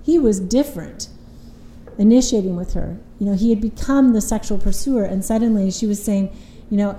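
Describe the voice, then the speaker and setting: A woman's voice: medium pitch, moderate pace, dark tone, echoey room, rough recording. A woman couples therapist explaining relationship patterns in an earnest, conversational way, often retelling what her clients said.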